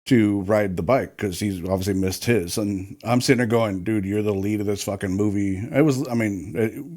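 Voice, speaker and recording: Man, ex-film crew, slightly low voice, casual profane raconteur. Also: normal speed, darkish tone. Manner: swearing, rambling storyteller. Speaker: former film crew worker. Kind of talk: casual podcast chat.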